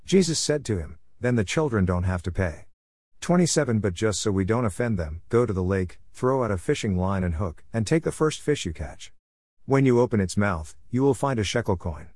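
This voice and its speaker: A man reading scripture aloud in a measured way, announcing each verse number. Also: fairly low pitch, expressive, darkish tone, no room sound, clean studio sound. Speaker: Bible reader.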